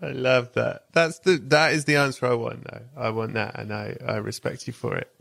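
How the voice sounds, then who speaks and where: A man's voice: medium pitch, steady tone, moderate pace, creaky, fairly bright tone, no room sound. A man hosting a podcast, chatting and spinning absurd improvised stories with casual swearing. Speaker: podcast host. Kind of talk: comic interview chat.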